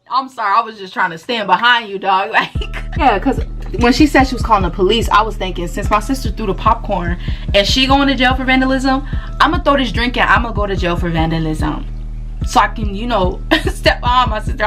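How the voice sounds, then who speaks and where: A woman's voice: fairly high pitch, a little fast, fairly bright tone, soft background music. A young adult woman telling a story in casual, slangy talk, laughing often. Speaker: vlogger and small shop owner.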